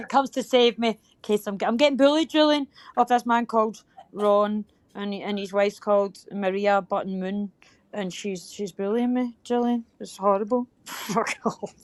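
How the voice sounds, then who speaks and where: A woman's voice: medium pitch, fairly even intonation, moderate pace, dry recording. Woman, livestream host, casual banter, swearing, teasing, dry close sound. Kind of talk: casual chat.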